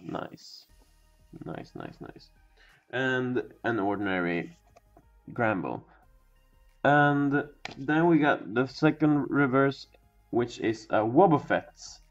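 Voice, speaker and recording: A young man casually narrating as he opens card packs, rambling and swearing, and sometimes bursting into loud excitement. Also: medium pitch, slow, long pauses. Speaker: pack-opening video host. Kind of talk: casual card-opening commentary. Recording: dull lo-fi sound with faint music.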